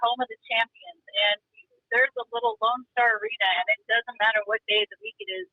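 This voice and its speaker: A woman's voice: on the high side, brisk, gravelly, no echo. Chatty woman calling in from her car, voice jumps all over, muffled phone sound. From Montana. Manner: animated, talkative storyteller. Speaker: guest. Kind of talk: casual chat on a call. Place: driving in a car. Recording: dull phone-line audio.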